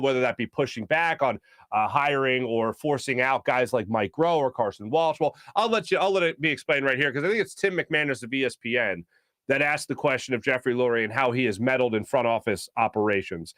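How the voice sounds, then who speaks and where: A man's voice: mid-range voice, a bit bright, no room sound. A man hosting a sports talk show, giving casual, sarcastic, opinionated commentary and laughing at his own jokes.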